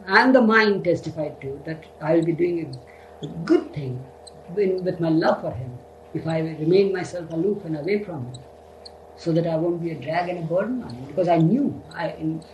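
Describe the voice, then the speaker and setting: A man's voice: a little high, darkish tone. Older man, reflective storyteller, hesitant and repetitive; roomy, slightly noisy recording. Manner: halting, repeats words, frequent "you see". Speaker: devotee recounting memories. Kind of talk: reminiscing storytelling.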